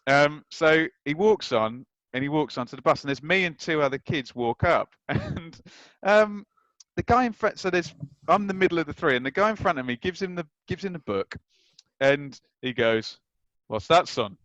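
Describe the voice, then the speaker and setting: A man in his thirties, a guest telling anecdotes in an animated way and acting out the lines of the people in them. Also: fairly high pitch, normal speed, no room sound, highs cut off. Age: 30s. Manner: animated, acts out quoted lines. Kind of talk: anecdotal storytelling.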